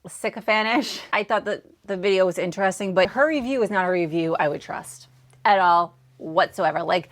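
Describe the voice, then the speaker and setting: A woman's voice: medium pitch, normal speed. Woman giving candid reaction commentary. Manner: candid, hesitant, apologetic asides. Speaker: commentary host reacting to clips. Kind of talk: casual opinion commentary.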